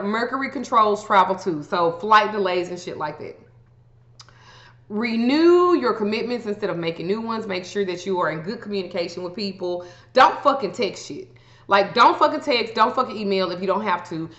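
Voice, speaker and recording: A woman's voice: mid-range voice, a bit bright. A woman giving astrology advice in a blunt, profane, casual rant. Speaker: astrology vlogger. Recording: echoey room, dull lo-fi sound.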